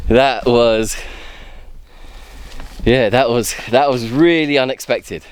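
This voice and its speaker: A man's voice: medium pitch, moderate pace, a little hiss or hum. Chatty man exploring outdoors. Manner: chatty, excitable, talks to himself while exploring. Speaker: bushcraft vlogger. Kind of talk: casual exploring commentary to camera. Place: outdoors in woodland.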